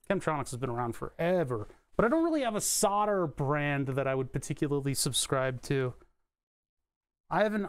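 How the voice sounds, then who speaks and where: A man's voice: fairly high pitch, smooth, no room sound. Man chatting to chat while soldering. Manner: muttering to himself, answering chat. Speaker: streamer. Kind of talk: casual live-stream chat while soldering.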